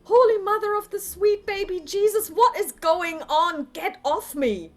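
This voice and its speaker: Woman putting on a frantic, shrill confused young woman. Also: unhurried, faint music behind. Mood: panicked.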